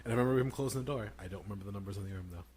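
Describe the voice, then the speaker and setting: A man in his thirties co-hosting a casual podcast, excitable and profane, laughing often. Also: on the low side, rapid-fire, crowd noise. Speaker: podcast co-host. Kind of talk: casual chat.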